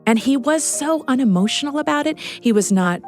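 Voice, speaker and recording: A woman's voice: high-pitched, lively intonation, fairly quick, a little mellow, soft background music. A middle-aged woman, a guest in an interview, telling a personal story with earnest feeling. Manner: earnest, storytelling, at times choked up. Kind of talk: emotional interview.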